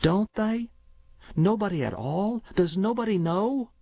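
A man voicing a curious, earnest young boy who keeps asking questions, his voice pitched up high. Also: sing-song, a little slow, no room sound, highs cut off, full character voice. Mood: questioning.

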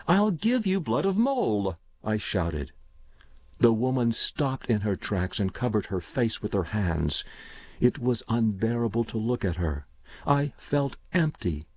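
A man narrating a first-person story in a measured, somber, literary way. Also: fairly low pitch, dry recording. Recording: dull, dry lo-fi recording.

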